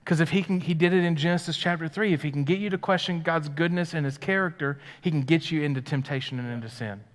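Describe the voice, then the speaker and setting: A man's voice: on the high side, fast talker. Dynamic male pastor preaching in a reverberant hall. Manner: dynamic preaching, swings from loud and excited to hushed and quiet. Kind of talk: live sermon. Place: church sanctuary. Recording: live church hall with long reverb.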